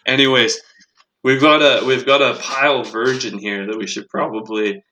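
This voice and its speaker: A man rants on a casual podcast, swearing freely as he tells an exasperated story. His voice is bright and forceful. He talks loosely, with restarts and fillers. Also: mid-range voice, fairly even intonation, moderate pace, a little hiss or hum, rough recording. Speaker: podcast host.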